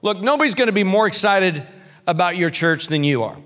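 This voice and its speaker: Male pastor, animated folksy sermon, slightly high voice, church hall echo. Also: brisk. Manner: animated, folksy storytelling preacher.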